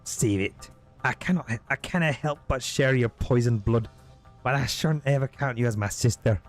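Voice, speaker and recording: A man's voice: medium pitch, moderate pace, soft background music, voice pushed up, close to an everyday voice. A man voicing a hostile, scornful winged woman who snubs her blood sister in a story game, with a cold, clipped manner.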